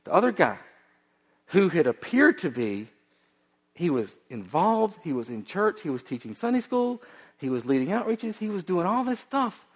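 A pastor preaching a sermon, telling stories and acting out voices with animated emphasis. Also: male voice, sits high, normal speed, slightly rough, long reverb tail.

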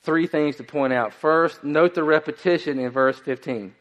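A pastor preaching a sermon, telling stories and acting out voices with animated emphasis. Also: male voice, a little high, moderate pace, big-room sound, muffled recording.

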